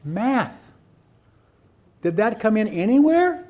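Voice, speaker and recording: Animated, high-voiced man giving a workshop. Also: slow. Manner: animated, acts out teachers and students, rhetorical questions. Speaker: presenter at a teacher training workshop. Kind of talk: lecture to educators.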